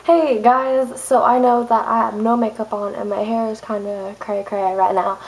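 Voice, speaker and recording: A young woman vlogger ranting angrily to her camera, fast and exasperated with sudden outbursts. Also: a little high, flat delivery, noisy background. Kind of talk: angry rant to camera.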